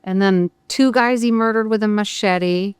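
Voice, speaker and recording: A woman hosting a podcast interview, speaking earnestly with halting pauses. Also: mid-range voice, clear, resonant tone, dry recording. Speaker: podcast host.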